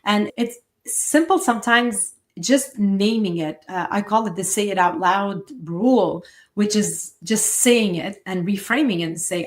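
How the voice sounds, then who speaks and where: Animated woman host explaining. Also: mid-range voice, measured pace. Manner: animated, acts out quoted inner voices. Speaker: podcast host. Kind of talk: casual conversational interview.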